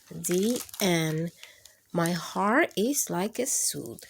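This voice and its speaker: A woman reading picture books aloud to children as a storyteller, expressive and playful, adding roars and sound effects. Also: on the low side, drawn-out words, gravelly, a little hiss or hum.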